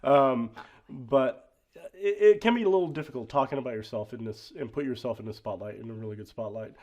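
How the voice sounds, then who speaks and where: Male podcast co-host, stuffy congested nose, relaxed and chatty, lots of ums. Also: mid-range voice, a little fast. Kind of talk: casual chat.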